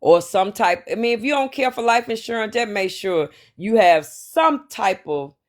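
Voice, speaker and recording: Man in his 40s, slangy lively storyteller, slightly high voice. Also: moderate pace. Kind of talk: casual chat.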